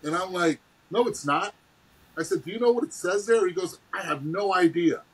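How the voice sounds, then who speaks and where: A man's voice: normal speed, husky, low-quality recording. A middle-aged man, a former ballplayer, telling stories casually and acting out quotes with big jumps in his voice. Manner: animated, acts out quotes with big pitch jumps and laughs. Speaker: guest, former baseball player. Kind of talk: casual storytelling.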